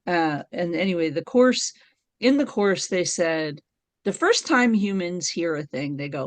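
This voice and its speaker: A middle-aged woman, a podcast guest, telling stories in an animated way and laughing often. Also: on the low side, unhurried, no room sound. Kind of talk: conversational storytelling.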